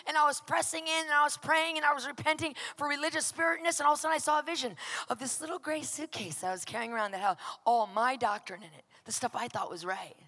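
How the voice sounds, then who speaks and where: A woman with a high, bright-pitched voice delivers a fervent sermon, driving her points with emphatic, sometimes shouted stress. A long hall reverb trails after each phrase. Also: fairly even intonation, fast talker. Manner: impassioned, emphatic, builds to shouted peaks. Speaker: preacher. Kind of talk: sermon with personal testimony.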